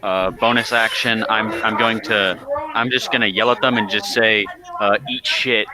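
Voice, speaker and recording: A man's voice: on the low side, steady tone, normal speed, background noise. A man playing in a tabletop game, joking and stumbling over his words. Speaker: player. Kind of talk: casual tabletop game chat.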